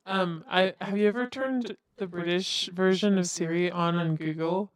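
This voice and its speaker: A woman's voice: lowish voice, moderate pace. A woman co-hosting a casual podcast, matter-of-fact with a dry wit. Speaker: podcast co-host. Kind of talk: casual banter.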